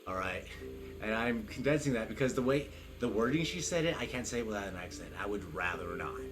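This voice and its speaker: A man's voice: on the low side, expressive, a little fast, poor audio. A man from Arizona chatting casually on a stream beside the host, rambling off on long tangents. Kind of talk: casual live-stream chat. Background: game music.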